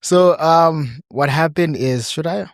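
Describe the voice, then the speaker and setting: A young man in his early twenties, a podcast guest telling a personal story haltingly with many ums. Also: a little high, no echo, clean studio sound. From South Africa. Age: 20s.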